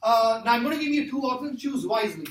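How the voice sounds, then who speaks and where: In a classroom lecture, a man with a very high-pitched voice speaks fast and animatedly, working math problems while joking with students and putting questions to them. The sound is echoey and distant, with a little noise.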